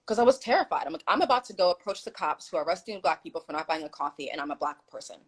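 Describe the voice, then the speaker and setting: A woman's voice: low voice, racing, breathy edge, rough recording. A woman guest telling a story in casual chat on a video call, acting out what people said. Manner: animated, acts out quoted dialogue.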